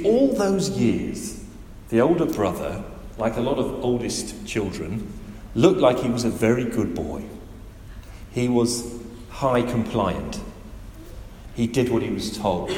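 A man delivers a sermon with a lively, rising-and-falling voice, pressing points home and asking the congregation questions. His words echo around a big hall with a long reverb tail and faint room noise behind. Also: lowish voice. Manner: animated, emphatic, asks the listeners direct questions. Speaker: preacher. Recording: echoey hall with faint ambience.

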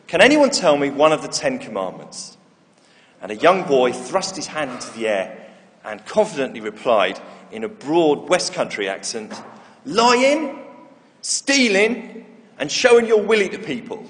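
Animated preacher in a reverberant hall. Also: male voice, on the high side. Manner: lively storytelling with dry humour. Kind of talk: sermon. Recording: long reverb in a large hall.

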